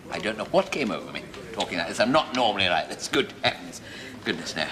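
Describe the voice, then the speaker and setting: A man's voice: sits low, sing-song, fast, crowd noise. An actor playing a fussy, chatty pub landlord in a 1970s sitcom, chattering and laughing at his own jokes. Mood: apologetic. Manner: chattering, giggling, self-amused. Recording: studio audience laughter.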